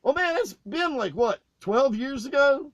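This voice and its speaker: A man co-hosting a casual podcast, telling profane backstage stories with loud, animated outbursts. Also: very high voice, unhurried, no room sound. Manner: loud, swearing, animated retelling with raised outbursts.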